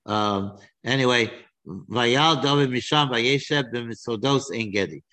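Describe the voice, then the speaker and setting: A man leads an informal study class. He reads verses aloud, then explains them in a halting way, full of restarts and fillers, in an ordinary mid-range voice. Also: mid-range voice, bright, forceful tone. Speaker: Torah teacher.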